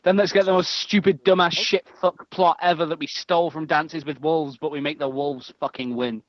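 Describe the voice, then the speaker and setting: An English man chatting on a podcast, lively and profane, with a voice that leaps up when something excites him. His voice sits fairly high for a man. The sound is dry and close. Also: moderate pace, no echo, lo-fi sound. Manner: animated, swears a lot, jumps up in pitch when excited. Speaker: podcast host. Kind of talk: casual chat.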